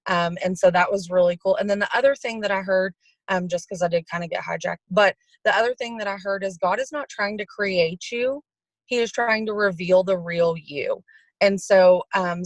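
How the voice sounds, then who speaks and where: A woman's voice: fairly low pitch, no echo. A woman who shares a heartfelt conference recap on a video call, earnest and full of fillers. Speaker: team member sharing a conference recap. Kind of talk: casual testimonial on a video call.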